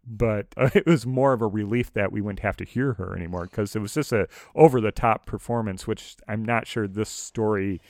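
A man co-hosting a podcast, chatting casually and thoughtfully about a story he reviewed, full of detail and quick to laugh. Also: on the low side, dry recording, clean studio sound. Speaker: podcast co-host.

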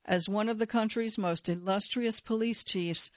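A woman tells a true-crime story in a measured, scripted narration. Her voice sits in a middle range. The recording is dry and a little dull, with almost no room sound. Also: mid-range voice, no room sound.

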